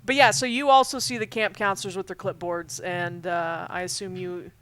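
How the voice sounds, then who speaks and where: A man's voice: high-pitched, steady tone, normal speed, pushed and bright, slight background noise. A man running a tabletop game as game master, narrating scenes in a rambling, chatty way and laughing often.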